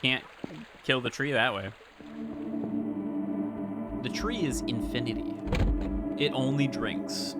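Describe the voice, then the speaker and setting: A man streaming a game, casually talking through his play in a relaxed, musing way. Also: medium pitch, takes it slowly, pauses often, over music. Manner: relaxed, musing, talks while playing. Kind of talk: casual gameplay commentary. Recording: noticeable background noise.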